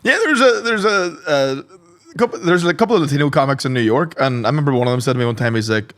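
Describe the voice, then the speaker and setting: A man's voice: medium pitch, fast talker, fairly bright tone. A man with an Irish accent co-hosting a podcast, bantering in casual comedic chat and swearing freely. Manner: jokey banter, swears freely, slips into mock voices. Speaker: podcast co-host.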